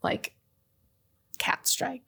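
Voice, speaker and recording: Slow-talking giggly young woman. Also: pushed and bright, in a whisper. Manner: giggly, reads a list slowly with frequent laughs. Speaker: podcast co-host. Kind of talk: casual chat. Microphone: webcam with whiteboard behind.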